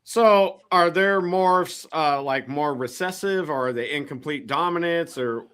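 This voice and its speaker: A man's voice: fairly high pitch, measured pace, a bit bright, clean tone. A man hosting a podcast, chiming in with short follow-up questions in casual chat.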